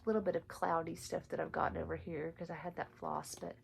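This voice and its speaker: A woman chatting casually as she shows her cross stitch projects, gushing, then dropping to soft asides. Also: low-pitched, level tone, fast talker, gravelly, noisy background. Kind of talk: casual show-and-tell chat.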